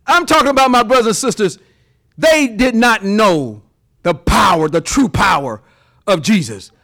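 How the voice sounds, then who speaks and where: Male pastor, high voice, very animated delivery, folksy sermon. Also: moderate pace. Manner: lively preacher acting out voices, folksy examples.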